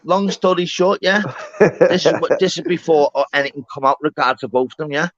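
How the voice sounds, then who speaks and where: A man telling a story on a live panel, excitable and sweary, acting out both sides of the conversation. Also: on the high side, a little fast, slight background noise. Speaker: streamer. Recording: slightly dull lo-fi call audio.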